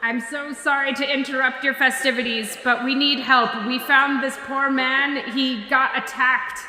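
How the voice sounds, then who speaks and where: A woman's voice: sits high, little pitch movement, unhurried, pushed and bright, roomy sound, in a large hall, slight background noise, voice pushed up. A woman voicing an earnest young female adventurer who asks strangers for help in a polite, urgent way. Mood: pleading.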